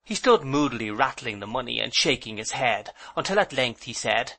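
Bright-voiced male audiobook narrator. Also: medium pitch, lively intonation, moderate pace, vocal fry. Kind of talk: scripted narration.

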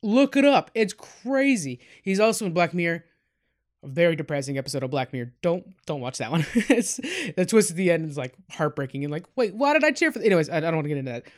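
A man's voice: on the high side, fast talker. A man hosting a podcast, giving a casual, rambling film review full of fillers and asides to his listeners. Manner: rambling, chatty, many fillers, addresses listeners as guys.

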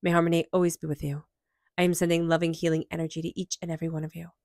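Woman, tarot reader, low voice, earnest, soothing affirmations. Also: flat delivery, rapid-fire, a little mellow, no echo, studio quality. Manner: earnest, emphatic, soothing delivery with repeated affirmations. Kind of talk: intuitive tarot reading.

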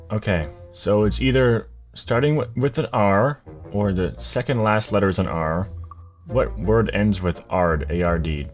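A man thinking aloud as he plays a word puzzle, muttering half-words and guesses and laughing often at himself. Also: sits low. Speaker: gaming YouTuber. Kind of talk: thinking aloud while playing a word game. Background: music.

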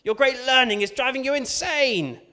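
A man voicing a furious Roman governor who shouts at a prisoner, raising his voice high and loud. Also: lively intonation, normal speed, exaggerated voice. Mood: outraged. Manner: loud, outraged outburst.

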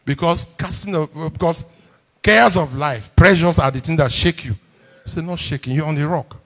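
This is a pastor with a Nigerian English accent giving a call-and-response sermon in a church hall, having the congregation echo his lines and repeating phrases to stress them. He speaks at a moderate pace in a slightly bright voice that's on the high side.

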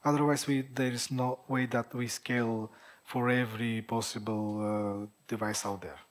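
A man answering audience questions at a tech conference, halting, with many fillers and restarts, a native Bulgarian speaker. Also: medium pitch, fairly even intonation.

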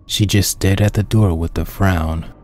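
Deep-voiced man narrating a dark story. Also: steady tone, a little slow, slight background noise. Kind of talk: reading his own dark fan story aloud.

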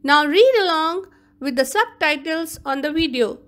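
A woman's voice: high voice, animated, fairly bright tone. A woman teacher giving an online lesson, carefully explaining vocabulary. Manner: slow, explaining word meanings carefully.

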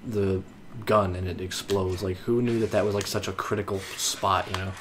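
A man's voice: low voice, steady tone, normal speed. A young man casually commentating on a friend's game, teasing and giving directions with lots of fillers. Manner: teasing, backseat gaming, filler-heavy. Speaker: co-host commentator. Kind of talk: casual let's play commentary. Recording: faint background noise.

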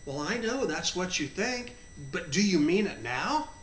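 A bright, high-pitched Jesus, as a man tells him, gentle yet firm, calling out short encouragements over and over. It rings a little in a roomy space. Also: sing-song, a little slow, exaggerated voice. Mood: gentle, coaxing. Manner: encouraging, repeating short commands. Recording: roomy echo.

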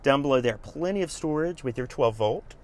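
A man giving a brisk walkaround tour of a car at a dealership, listing its features in short bursts. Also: medium pitch, animated, darkish tone.

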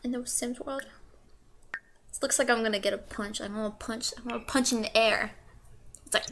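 A woman's voice: a little high, fairly even intonation, unhurried, long pauses, music in the background. A young woman casually commenting on her gameplay, playful and giggly, humming and singing little tunes to herself.

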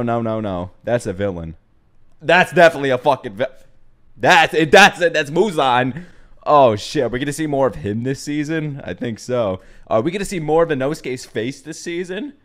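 A young man hosting an anime reaction video, talking casually, swearing freely, breaking into laughs and shouts. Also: on the low side.

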